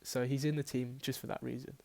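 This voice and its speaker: With a mid-range, darkish voice showing vocal fry and little pitch movement, a man talks fairly quickly through his fantasy football team choices. He rambles chattily, corrects himself along the way, and swears casually while picking his team.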